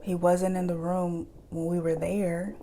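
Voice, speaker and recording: Woman, low gravelly voice, eyewitness ghost story, vivid present-tense telling. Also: level tone, a little slow, mellow, slight background noise.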